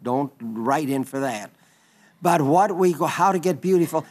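A man with a somewhat high-pitched voice hosts a radio ministry, reading listener letters aloud and preaching between them. He talks in a folksy, unhurried way, often pausing on fillers and restarting his sentences.

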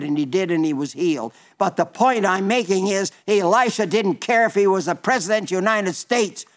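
Elderly male preacher in his eighties with a slightly high voice, fervent, repeats phrases as he tells the story. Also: fairly quick, hardly any pauses. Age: 80s. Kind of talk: sermon.

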